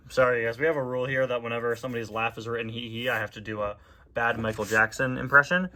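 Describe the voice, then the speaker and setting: Brief: man, comic book-club host, chatty and self-deprecating, bright tone. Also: mid-range voice, steady tone, fast talker. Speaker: toy and comic reviewer. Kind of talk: reading comics aloud with casual commentary.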